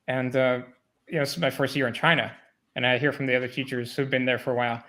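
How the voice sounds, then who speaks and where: A man's voice: medium pitch, quick pace. A man telling stories in a casual livestream chat, swearing often and acting out his past conversations. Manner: profane, animated retelling of exchanges.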